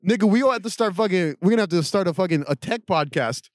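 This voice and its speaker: A young man co-hosting a podcast, talking loud, profane and joking, laughing often between lines. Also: high voice, expressive, fast, no room sound, studio quality. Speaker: podcast co-host. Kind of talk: casual chat.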